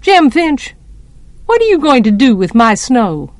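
A woman voicing a brisk, no-nonsense older neighbor woman in a storybook reading, firm and scolding. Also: on the high side, very animated, no room sound.

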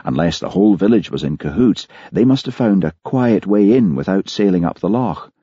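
Low-voiced man narrating a novel, expressive, husky, dry muffled studio sound. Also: brisk, no room sound. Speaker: audiobook narrator. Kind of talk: scripted narration. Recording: dry, slightly dull studio recording.

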